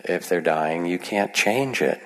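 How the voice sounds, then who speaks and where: Male meditation teacher, gentle and reflective; very low gravelly voice, long hall reverb. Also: expressive, unhurried. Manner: gentle, reflective, with soft acted asides. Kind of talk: dharma talk.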